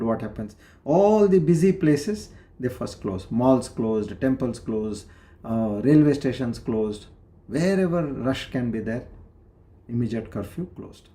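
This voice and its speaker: A man's voice: medium pitch, mellow. A man gives a devotional discourse, telling a story with fillers and restarts. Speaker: spiritual teacher.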